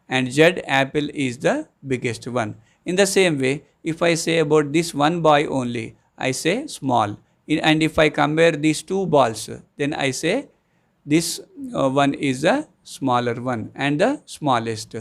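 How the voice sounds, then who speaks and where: A man teaching a grammar lesson, speaking slowly with many fillers and repeating each word to show its syllables. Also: mid-range voice, gravelly. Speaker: English teacher.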